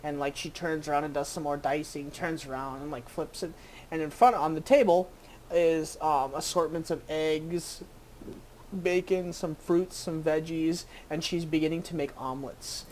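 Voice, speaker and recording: A game master narrating a tabletop game scene, halting with many fillers and restarts. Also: mid-range voice, fairly even intonation, darkish tone, slight background noise.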